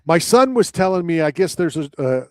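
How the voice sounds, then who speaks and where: A man's voice: on the high side, sing-song, moderate pace, dry recording. A man hosting a talk radio show, telling rambling stories in casual chat. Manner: rambling storyteller, acts out voices in anecdotes.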